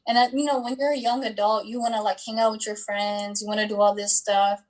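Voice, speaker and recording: Speaking briskly with a flat delivery, a twenty-something woman recounts her story as an interview guest in a mid-range voice. She's conversational and relaxed, using many likes and ums, and the recording is low quality.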